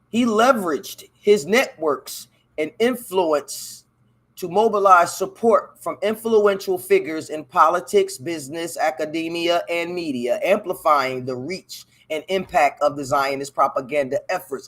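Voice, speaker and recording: A man's voice: a little high, a little slow, fairly bright tone. A man hosting a casual solo show, reading a text aloud and breaking off to comment in loose, profane slang, stumbling over hard words. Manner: loose, profane, talks back to the text he reads. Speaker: podcast host.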